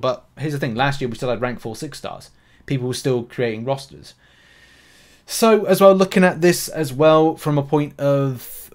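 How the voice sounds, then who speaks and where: A man giving casual, rambling commentary on a mobile game, full of fillers and restarts. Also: medium pitch. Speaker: gaming YouTuber.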